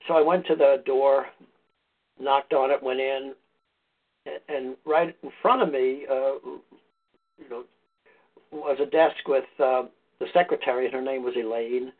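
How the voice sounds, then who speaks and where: Husky man telling a story over the phone. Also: medium pitch. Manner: conversational, meandering storyteller. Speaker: podcast guest, foundation founder. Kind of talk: casual anecdotal storytelling. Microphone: phone or call line. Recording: tinny phone-line audio.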